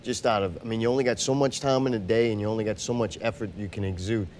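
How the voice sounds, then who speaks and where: A man's voice: fairly low pitch, fast, a little mellow, slight background noise. A man chatting as a podcast guest about booking shows, blunt and wry with a self-mocking streak. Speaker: podcast guest, show booker. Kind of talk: casual interview chat.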